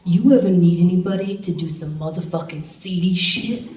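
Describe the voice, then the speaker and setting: A woman doing a shady middle-aged man, low and conspiratorial. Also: moderate pace, background noise, close to an everyday voice. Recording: roomy sound from a distant mic.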